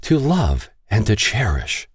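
A man with a husky voice voicing a playful, tender young woman about to marry, speaking softly and teasingly, set somewhat higher than his own voice. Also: huge pitch swings, slow pace, dry recording, clean studio sound, full character voice. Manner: soft, teasing, gently pleading.

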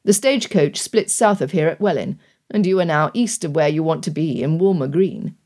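A woman voicing a weary aristocratic gentleman in an audiobook, speaking in a clipped, impatient way. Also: deep voice, normal speed.

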